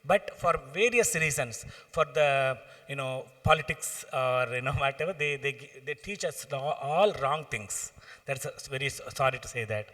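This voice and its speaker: A man's voice: mid-range voice, lively intonation, pushed and bright. Tamil-accented man explaining in a reverberant hall. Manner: halting, many fillers and restarts, mixes in Sanskrit chant. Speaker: panelist answering questions. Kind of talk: explanatory Q and A talk.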